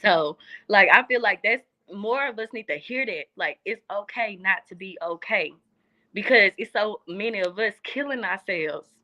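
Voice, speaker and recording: With a mid-range voice, lively intonation, and normal speed, a young adult woman speaks over dull audio. She's a guest in casual conversation, heartfelt and earnest, repeating phrases to drive them home.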